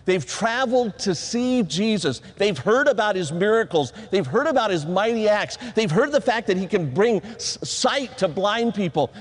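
A man preaching in a large chapel, his voice high and full of swooping pitch. He talks slowly and emphatically and leads the room in call-and-response, with a long reverb trailing each phrase. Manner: slow, emphatic delivery with dramatic pauses. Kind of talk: sermon. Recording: live chapel recording in a reverberant hall.

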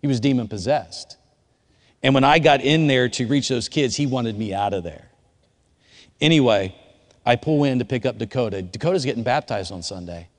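A pastor delivering a sermon as a story, his voice sinking to near hush and then climbing to shouts. Long reverb from a church hall trails after his words. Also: medium pitch, moderate pace. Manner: swings from hushed storytelling to shouted quotes. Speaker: youth pastor.

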